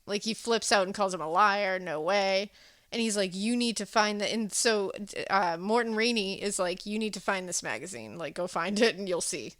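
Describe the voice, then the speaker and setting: A woman co-hosting a podcast, recapping a film in a casual, animated way and acting out the characters' lines. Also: medium pitch, moderate pace, dry recording. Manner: animated, laughing, acting out quotes. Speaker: podcast co-host.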